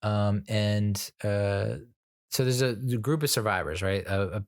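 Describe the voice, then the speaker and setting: A man's voice: on the low side, measured pace, dry recording, clean studio sound. A man giving a casual spoken movie review, rambling with lots of fillers, restarts and frequent laughter.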